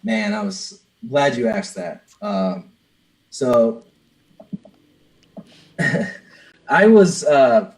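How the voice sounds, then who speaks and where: A man's voice: mid-range voice, big pitch swings, drawn-out words, vocal fry, pauses often, a little mellow, rough recording. A business coach, a man, speaking openly in an interview and telling a personal story with many restarts. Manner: earnest, open, lots of restarts and "man". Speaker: business coach, podcast guest.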